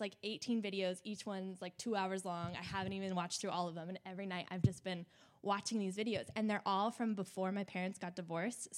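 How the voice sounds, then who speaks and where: A young woman hosting, openly and emotionally sharing a personal faith story in a casual way, with many fillers. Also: medium pitch. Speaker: host.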